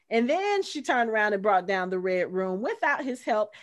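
A woman's voice: mid-range voice, animated, moderate pace. A woman co-hosting a casual podcast, chatting about a film and acting out quotes from its characters. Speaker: podcast co-host. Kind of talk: casual movie discussion.

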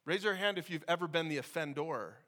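A middle-aged male pastor delivers a sermon in a lively, conversational way. His voice sits high and sounds bright and forceful. He talks to the congregation directly and bursts into loud exclamations now and then. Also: fairly quick. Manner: energetic, conversational preaching with sudden loud outbursts.

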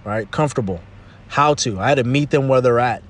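A man's voice: medium pitch, a little fast. A man talking through casual advice in a loose, rambling way, often adding "you know" and restarting his sentences.

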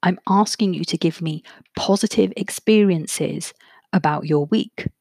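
A woman, a therapist hosting her own podcast, explaining ideas in a clear, measured way and slowing down to stress key phrases. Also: lowish voice, a little mellow, no room sound, clean studio sound. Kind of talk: solo podcast talk.

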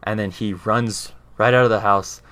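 Male speaker with a fairly low voice, earnest and conversational, explains ideas and often pauses to check in with his listener. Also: steady tone, bright, forceful tone, no room sound. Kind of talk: casual explanatory talk.

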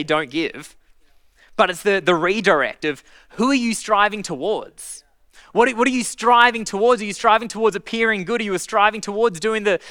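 Male pastor, earnest conversational sermon, high bright voice, close dry mic. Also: smooth, no room sound. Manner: earnest, conversational preaching with frequent restarts.

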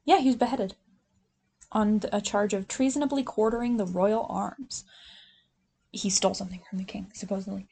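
This young woman's voice sits at medium pitch with a moderate pace, vocal fry, frequent pauses, and a mellow, slightly rough quality. As a podcast co-host, she animatedly recaps a TV series in casual conversation, often breaking into laughter.

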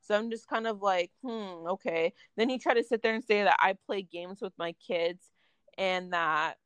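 A young woman vents her way through a story in relaxed conversation, full of filler words and blunt swearing. Her voice sits in a middle pitch. The sound is dry and close, with no room around it. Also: normal speed, clean tone, no room sound. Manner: animated venting, heavy filler words, swearing. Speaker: storyteller in a casual chat. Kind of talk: casual chat.

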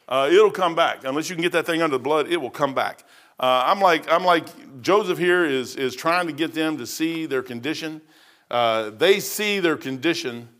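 A male pastor delivers a verse-by-verse sermon in a plain, folksy manner. He circles back over his phrases and drops in a casual "man". His voice sits somewhat high for a man. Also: fairly bright tone. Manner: folksy and conversational, repeats phrases, says "man".

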